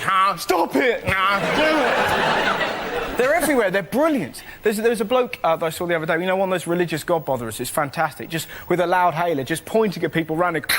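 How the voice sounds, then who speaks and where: A young man telling comic stories on a panel show, full of animated shrieking impressions, in a TV studio with a live audience. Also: sits high. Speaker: comedian panellist. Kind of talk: stand-up comedy routine. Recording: loud noisy studio recording.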